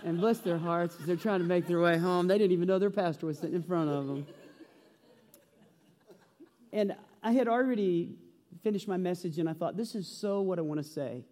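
In a reverberant church sanctuary, a male pastor delivers a sermon, telling a story with both humor and earnest conviction. His voice sits high and is a little mellow, moving at a moderate pace with frequent pauses.

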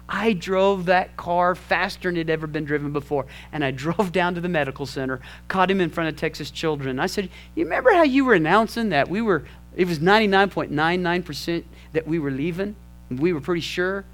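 A male pastor telling a personal story in a sermon, animated and asking the congregation rhetorical questions. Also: a little high.

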